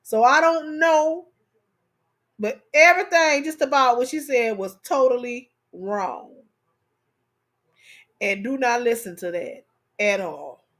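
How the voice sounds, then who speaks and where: A woman hosts a casual livestream, speaking straight to her viewers. Her voice sits high, and she keeps it lively and playful, laughing as she goes. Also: takes it slowly, pauses often. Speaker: live stream host.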